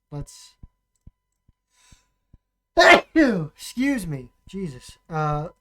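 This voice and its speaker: Slow-talking streamer reading a game aloud. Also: mid-range voice, fairly bright tone, a little hiss or hum, low-quality recording. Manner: slow, halting, thinks aloud while typing. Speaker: streamer playing a text adventure. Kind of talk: casual live-stream play, reading story text aloud. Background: keyboard typing and clicks.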